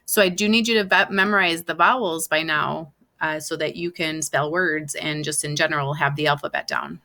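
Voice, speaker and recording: A woman's voice: low-pitched, fairly even intonation, normal speed, bright, forceful tone. A woman teacher giving a recorded online lesson, spelling words out letter by letter and repeating them patiently. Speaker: Spanish teacher.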